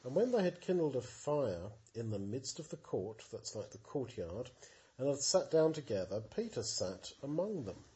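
A man reading and explaining a Bible story to a child in a lively storytelling manner. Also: mid-range voice, moderate pace, highs cut off. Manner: animated storytelling, simple explanations.

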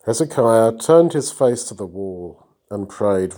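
Mellow-voiced man teaching a Bible passage. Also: medium pitch, animated, slow pace. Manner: retells and comments conversationally, praises a listener. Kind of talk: informal Bible reading and teaching.

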